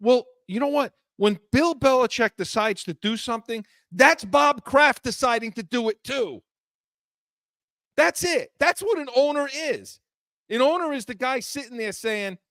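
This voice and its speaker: A man's voice: very high voice, animated, moderate pace, a bit bright, dry recording, studio quality. A man co-hosting sports radio, fired up, stammering through restarts and acting out quotes. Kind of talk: heated sports radio talk.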